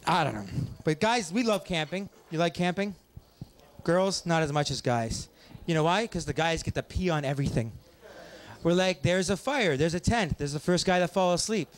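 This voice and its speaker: A man doing a stand-up comedy set on a small pub stage, with a wry, deadpan delivery and quick asides to the crowd. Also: fairly high pitch. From Ontario, Canada. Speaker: stand-up comic.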